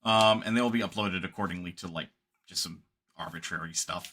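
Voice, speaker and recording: A man's voice: low-pitched, brisk, sharp tone, a little hiss or hum. A man streaming games, wrapping up in casual rambling chat, tired and yawning late at night. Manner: rambling, laid-back, sleepy.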